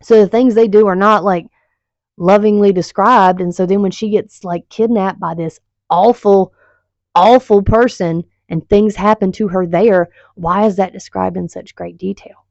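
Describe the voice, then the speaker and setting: A woman's voice: medium pitch, fairly even intonation, measured pace, a little mellow, dry recording. A woman reviewing books in a casual vlog, rambling and exasperated, swearing freely. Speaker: book reviewer. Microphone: home video mic. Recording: dull lo-fi home mic.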